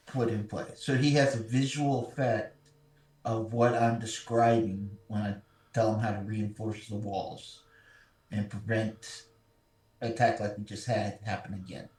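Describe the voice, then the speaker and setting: A man playing a tabletop game, explaining his plans slowly and deliberately. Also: fairly low pitch, steady tone. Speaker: player. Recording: roomy and distant.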